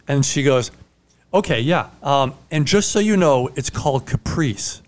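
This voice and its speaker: A man whose first language is Italian, co-hosting a casual chat and telling an anecdote, going quiet and deadpan when he quotes himself. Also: on the high side, normal speed. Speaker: podcast co-host.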